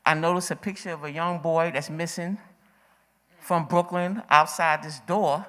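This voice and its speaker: A woman's voice: lowish voice, fairly even intonation, moderate pace, a bit bright. A woman from the audience speaking at an open-mic forum, a little out of breath, emphatic and repeating herself as she builds urgency. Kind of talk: impassioned open-mic remarks. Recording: echoey hall.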